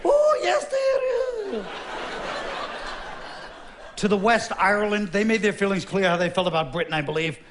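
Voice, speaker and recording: A man's voice: high voice, quick pace, hardly any pauses, background noise. A man performing a sardonic stand-up comedy routine on stage before a laughing audience. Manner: wry, sardonic, conversational.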